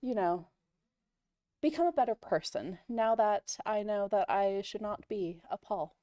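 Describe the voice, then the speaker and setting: A woman's voice: mid-range voice, a little slow, warm tone, dry recording. A woman player improvising a tall tale in character at a live game panel, playful and rambling with fillers.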